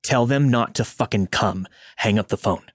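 A man's voice: on the low side, moderate pace, no room sound, clean studio sound, natural voice. A man voicing a drunk, injured stranger who slurs and urgently demands a ride. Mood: angry.

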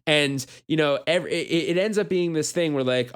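A man in his thirties co-hosting a podcast, telling stories in a casual, animated way and laughing often. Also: a little high, moderate pace. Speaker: podcast co-host.

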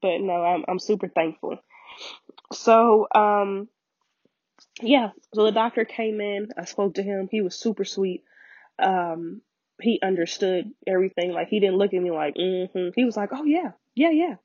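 A woman, hosting a podcast and telling a personal story in an animated way, acting out quoted voices and getting emotional. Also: a little slow, no echo, muffled recording. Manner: animated storyteller, acts out quoted voices with big pitch jumps, laughs often. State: emotional, near tears at times. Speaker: podcast host.

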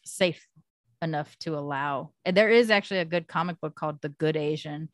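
A woman's voice: sits low, a little fast, no room sound, clean studio sound. A woman in her forties from the US West Coast, chatting casually and swearing freely as she tells stories. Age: 40s. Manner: profane, animated storytelling with quoted voices. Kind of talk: casual chat.

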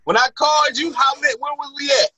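A man co-hosting a podcast in loud, excitable casual chat, laughing a lot. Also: very high voice, fast, a loud crowd. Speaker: podcast co-host.

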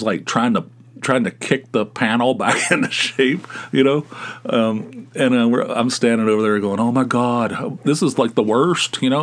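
Animated middle-aged man telling stories. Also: medium pitch. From West Virginia. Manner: animated, chuckling, rambling storyteller. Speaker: podcast host. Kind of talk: casual anecdotal storytelling.

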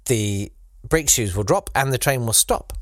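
A man co-hosting a podcast, telling a history story in casual chat with lively delivery. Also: unhurried, no echo, studio quality. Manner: animated, breaks into high-pitched silly voices for quoted people. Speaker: podcast co-host.

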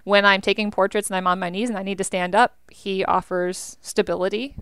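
A young American woman talks as an interview guest, chatty and animated, dropping plenty of "like". Her voice is very clear and smooth. It sits close and dry. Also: medium pitch, a little fast, no room sound. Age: young adult. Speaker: veteran guest. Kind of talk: interview conversation.

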